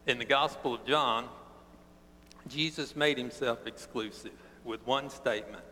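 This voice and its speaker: Bright-voiced preacher. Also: male voice, medium pitch. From East Tennessee. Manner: earnest, plainspoken, slows for emphasis. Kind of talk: sermon with personal storytelling. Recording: long reverb of a large hall.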